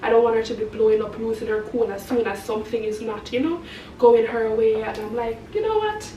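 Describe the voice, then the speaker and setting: A woman's voice: fairly high pitch, level tone, a little fast, warm tone, slight background noise. A woman vlogger and mother talking casually to camera, rambling from one thing to the next and laughing often. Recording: echoey, from a distance.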